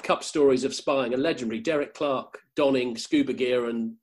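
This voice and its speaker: A man's voice: medium pitch, normal speed. A man making wry, joking remarks in casual podcast chat.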